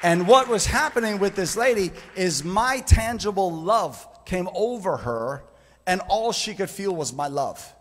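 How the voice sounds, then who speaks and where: A man delivers a fervent charismatic sermon, hammering key phrases through repetition. His voice sits high. The long reverb of a church sanctuary trails every phrase. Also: expressive, unhurried, a faint crowd. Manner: fervent, storytelling, emphatic repetition. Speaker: guest preacher.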